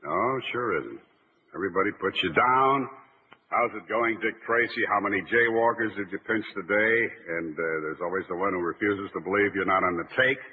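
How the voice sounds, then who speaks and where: A man playing a wisecracking hard-boiled private eye in a 1940s radio comedy, deadpan with mock-gritty monologues. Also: on the low side, a little fast, natural voice. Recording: tinny old radio broadcast, echoey, faint hiss.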